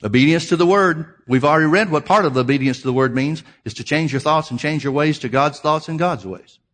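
A man's voice: a little high, fairly quick, a bit bright. Guy preaching, reads verses then hammers the point home, talks to the crowd as folks. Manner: emphatic, repeats phrases, addresses listeners as folks. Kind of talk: sermon.

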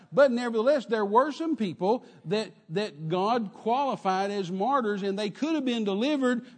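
A man's voice: sits high, darkish tone, in a large hall. An older man with a Texan accent preaching a sermon in a church, telling a story with emphatic repetition and calling out to the congregation. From Texas. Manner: emphatic storytelling, repeats phrases, calls out to congregation.

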